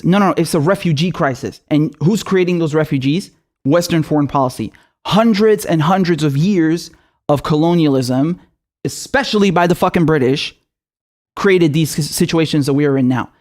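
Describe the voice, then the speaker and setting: A man's voice: on the high side, normal speed, darkish tone. A young man hosting his own political commentary show, delivering a furious, profane and accusatory rant.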